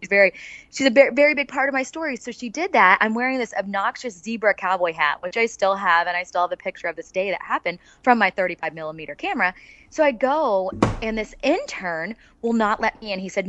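A woman with an Oklahoma accent tells her story as an interview guest, chatty and animated. The sound is dry and a bit dull and lo-fi, with no room echo. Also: medium pitch, a little fast. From Oklahoma, USA.

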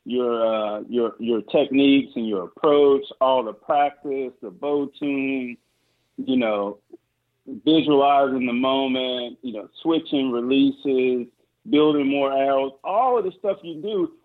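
A man in his forties, a podcast guest telling a hunting story over the phone, excited and stumbling over restarts. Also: a little slow. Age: 40s. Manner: excited, stammering restarts, voice climbing high when emotional. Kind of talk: casual storytelling. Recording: tinny phone line.

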